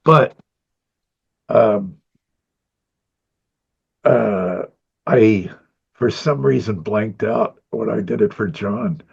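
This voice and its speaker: A man's voice: fairly low pitch, extremely slow, gravelly, pauses often, breathy edge, lo-fi sound. An older man in a rambling interview about his animation career, a chuckling storyteller who acts out what people said.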